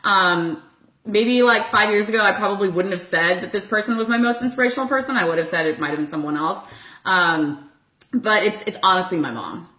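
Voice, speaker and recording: A woman's voice: medium pitch, animated, fairly quick, bright, forceful tone, reverberant. A young woman in her twenties hosting a casual chat, telling stories animatedly with lots of laughter and "like". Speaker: host.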